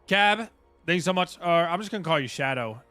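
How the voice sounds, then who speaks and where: A man's voice: high voice, lively intonation, brisk, bright, forceful tone. A man streaming a game live, chatting casually and greeting viewers by name, with faint music behind.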